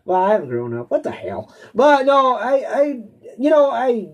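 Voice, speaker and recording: A man's voice: extremely high pitch, huge pitch swings, moderate pace, dull audio. A man with a stuffy nose, a host chatting casually and answering viewer questions, rambling and laughing often. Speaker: auctioneer.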